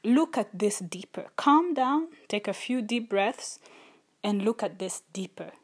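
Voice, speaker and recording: A woman voicing a calm, gentle inner voice of reason in a soothing, hushed whisper, as whispered role-play. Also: mid-range voice, unhurried, breathy edge.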